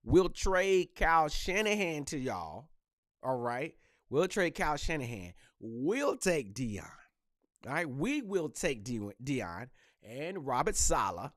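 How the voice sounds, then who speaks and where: A man hosts a casual solo podcast, ribbing and joking in loose trash talk. His voice sits a little high and leaps all over in pitch. The sound is dry and close to the mic. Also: moderate pace, no room sound. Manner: animated, joking trash talk with frequent laughs. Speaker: podcast host.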